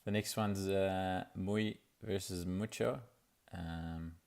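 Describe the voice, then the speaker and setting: This is a young man, chatting to camera in a casual video diary. His voice sits very low and gravelly, with little rise and fall, and he rambles along easily with plenty of fillers. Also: fairly even intonation, slow pace, darkish tone. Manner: laid-back and rambling, with many fillers and restarts. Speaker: vlogger.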